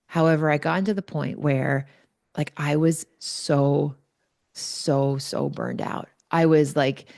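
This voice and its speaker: A woman in her forties hosts her podcast and tells a personal story in a candid, chatty way, full of fillers and asides. Her voice sits low with a gravelly fry. The sound is dry and close. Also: steady tone, slow pace, darkish tone, no echo. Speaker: podcast host.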